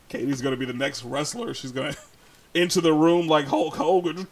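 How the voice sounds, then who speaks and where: A man's voice: fairly high pitch, a little fast, very noisy. A man chatting casually on a livestream, reading chat and teasing, laughing often.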